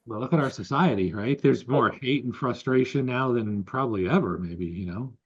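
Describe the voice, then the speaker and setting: Man, podcast co-host, casual talk, animated explainer, muffled audio. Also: mid-range voice, moderate pace, breathy edge. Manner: animated, explains with examples and quotes. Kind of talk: casual conversation.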